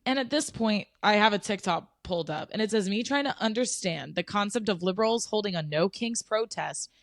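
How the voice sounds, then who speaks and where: A woman's voice: medium pitch, animated, brisk, no room sound, clean studio sound. A woman co-hosting a podcast, speaking earnestly and with passion in casual chat. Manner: earnest, impassioned, agrees often. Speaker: podcast co-host.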